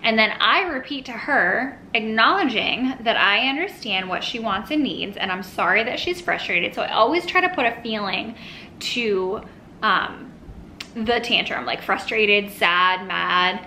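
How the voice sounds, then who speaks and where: A woman's voice: mid-range voice, lively intonation, a little slow, pushed and bright, a little hiss or hum, rough recording. A mother talking casually to the camera at home about parenting, chatty and full of little asides. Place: at home with her toddler nearby.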